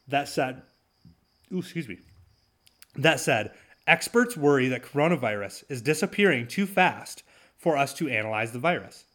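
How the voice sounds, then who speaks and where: A podcast host runs his own talk show solo at the mic, his voice middling in pitch and fairly bright. He rants in a sarcastic, mocking tone, scattering ums and uhs throughout his commentary.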